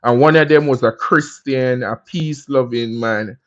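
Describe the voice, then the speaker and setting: A Jamaican man hosts a casual livestream, chatting in a relaxed way and often asking "you understand me?" His voice is mid-range, his pace moderate, and the recording sounds muffled.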